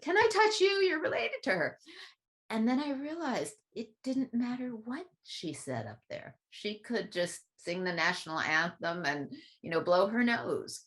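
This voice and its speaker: A woman speaking in a relaxed conversational way, telling a reflective personal story and acting out other people's voices when she quotes them. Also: on the low side. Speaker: guest speaker on spiritual teaching.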